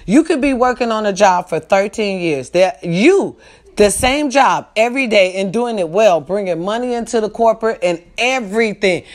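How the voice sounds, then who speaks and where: A woman hosting a podcast, ranting in a casual, emphatic way, swearing freely and talking straight to her listeners. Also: mid-range voice. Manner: emphatic, profane, addresses listeners directly. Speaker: podcast host.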